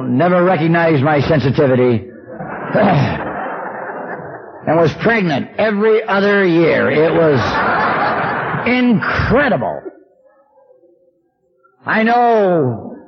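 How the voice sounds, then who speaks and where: A man's voice: high-pitched, very animated, normal speed, slightly rough. A middle-aged man telling a humorous recovery story, acting out the voices he quotes. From Southern California. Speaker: speaker at a recovery meeting. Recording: dull old lo-fi tape with faint hiss.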